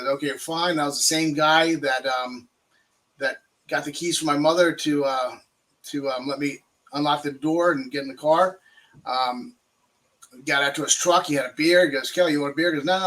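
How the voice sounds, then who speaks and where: An older man from Maryland telling his own story of getting sober, as a guest in an interview. His voice sits a little higher than most men's, and he talks in a halting way, with many fillers, repeats and restarts. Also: sharp tone, rough recording. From Maryland, USA. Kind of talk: personal recovery story.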